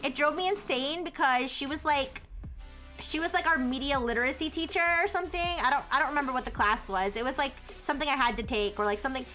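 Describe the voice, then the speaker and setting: A woman's voice: high voice, fast talker, pushed and bright, faint music behind. A young woman chatting casually on a livestream, answering chat messages and giggling often.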